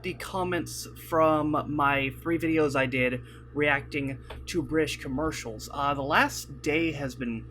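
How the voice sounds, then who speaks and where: A young YouTuber rambles through a casual vlog at his computer desk, apologizing often and leaning on fillers. He speaks slowly in a fairly high, pushed, bright voice, and his webcam desk mic picks up slight background noise.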